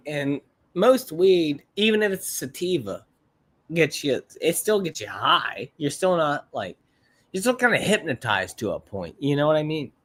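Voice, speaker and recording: A man with a slightly higher voice talks loosely to viewers on a livestream. He rambles, repeats himself and swears freely, in a blunt, offhand way. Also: a bit bright. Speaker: livestream host. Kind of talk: casual chat to live viewers.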